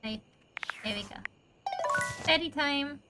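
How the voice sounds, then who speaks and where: A woman's voice: sits high, slow pace, music in the background. A woman streaming a video game, chatting casually and giggling often.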